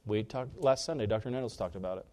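A man preaching a sermon, rising sharply in pitch and loudness on key points and dropping low between them. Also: fast. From Kansas. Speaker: pastor.

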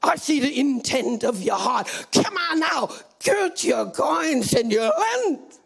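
Woman preacher doing God, stern male deity, firm deep rebuke, unhurried. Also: very animated, breathy edge, heavily acted. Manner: firm, commanding, deep put-on voice.

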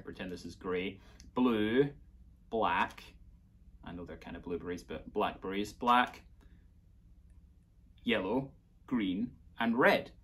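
A man with a Scottish accent teaching a playful children's music lesson, coaxing young listeners along. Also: fairly low pitch.

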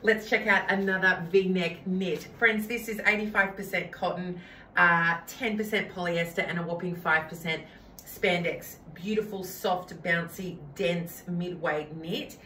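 A woman's voice: fairly low pitch, steady tone, unhurried, sharp tone, slight background noise. Gushing woman, roomy and distant. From Australia. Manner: gushing, addresses viewers as friends. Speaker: fashion try-on vlogger. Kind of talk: clothing try-on haul.

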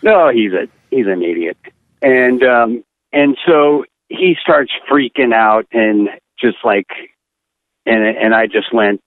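A man's voice: medium pitch, slow, dry recording. An older man, an animator, telling a candid story bluntly and acting out what others said. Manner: blunt, animated, acts out quotes. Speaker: animator guest. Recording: tinny phone-like line.

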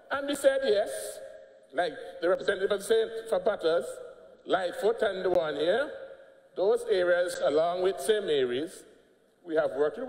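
A man's voice: sits high, darkish tone. An older man with an Antiguan accent giving a combative, mocking speech in parliament. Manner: combative, mocking, laughing jabs. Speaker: politician speaking in parliament. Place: parliament chamber. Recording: echoey chamber, long reverb.

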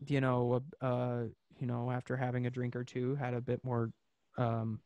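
A man's voice: mid-range voice, completely flat delivery, normal speed, a little mellow, no room sound, highs cut off. A young man chatting casually as a podcast guest, hesitant and jokey, with many restarts. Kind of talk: casual chat.

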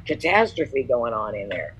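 A woman's voice: extremely low pitch, sing-song, moderate pace, fairly bright tone, poor audio. A woman co-hosting a casual chat, agreeable and chatty. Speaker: co-host.

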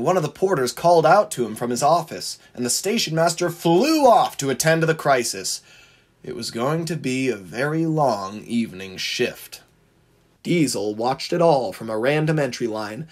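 A man reading his own fan-fiction story aloud, narrating dramatically with swooping emphasis. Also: mid-range voice.

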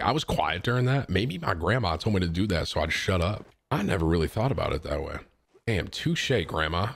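Lively bright-voiced male streamer. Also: mid-range voice. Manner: excitable, talks while eating. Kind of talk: casual gameplay commentary.

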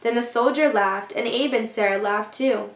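A woman reading a children's chapter book aloud as a teacher, with gentle storytelling. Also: on the high side, moderate pace, roomy sound. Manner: gentle storytelling, voicing characters lightly.

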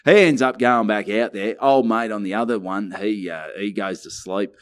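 A man's voice: on the low side, moderate pace, clean tone, dry recording, clean studio sound. A young Australian man co-hosting a podcast, rambling through a crude anecdote and acting out the lines people said. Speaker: podcast co-host. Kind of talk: casual storytelling chat. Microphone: studio mic.

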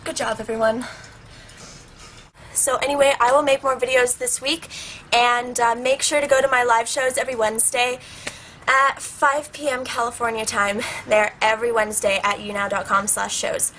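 Goofy young woman vlogging, kinda high voice, a bit breathless from jokes. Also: fairly even intonation, moderate pace, fairly bright tone, slight background noise. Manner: playful, joking, goofy. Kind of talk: casual comedic vlog.

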